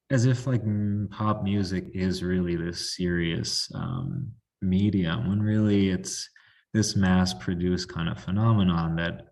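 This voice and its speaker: A man's voice: low voice, creaky. A man hosting a casual podcast chat, talking in a loose way with plenty of "like" and questions for his guest. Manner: chatty, lots of "like", quoting and asking. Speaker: podcast host.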